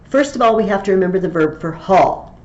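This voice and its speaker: A woman's voice: medium pitch, lively intonation, a little fast, darkish tone, echoey room, highs cut off. A woman teaching a Latin lesson in a recorded tutorial, explaining each form patiently, step by step.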